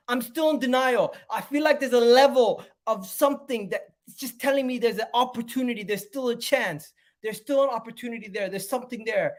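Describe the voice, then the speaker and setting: A man's voice: extremely high pitch, lively intonation, a little fast. Exasperated man ranting on a live stream. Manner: exasperated, repeats phrases over and over; swings between loud outbursts and muttering. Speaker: fan channel host. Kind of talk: live-stream football fan rant.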